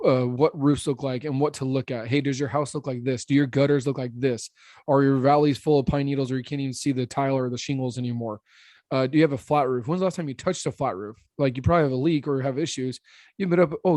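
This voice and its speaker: A man in his thirties who owns a roofing business, a podcast guest talking fast and blunt, slurring his words a little. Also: dry recording, clean studio sound. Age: 30s. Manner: blunt, animated, salesman-like pitching. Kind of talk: casual podcast interview.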